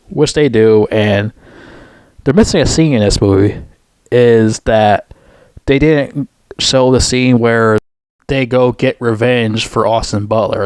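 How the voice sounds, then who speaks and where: A man's voice: darkish tone, clean tone, dry recording, clean studio sound. Profane, heated man ranting about a movie. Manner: profane, heated, rambling with many restarts; voice jumps higher when outraged. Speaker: movie reviewer.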